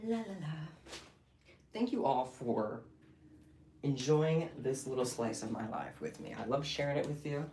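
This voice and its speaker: A woman chatting casually and excitably to her viewers while livestreaming her craft work. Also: extremely low pitch, normal speed, roomy sound, a little hiss or hum. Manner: chatty and excitable, talking to chat. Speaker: livestreamer making bead bracelets.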